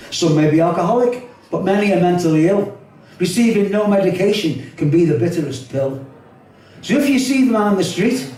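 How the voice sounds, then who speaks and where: A man's voice: high-pitched, darkish tone, far from the mic. An older man with a Liverpool accent reciting his own rhyming poems live, wry and rhythmic. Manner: rhythmic, wry delivery with spoken asides. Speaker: poet performing his own work. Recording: echoey hall, voice from off-mic.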